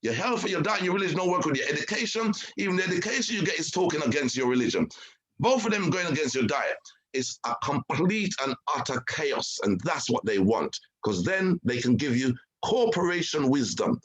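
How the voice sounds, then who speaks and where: A man's voice: a little high, very animated, fairly quick, fairly bright tone, husky, poor audio. A man, a show host, giving an impassioned talk, emphatic and preachy with many rhetorical questions. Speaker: show host, guest speaker. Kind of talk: impassioned talk on identity and culture.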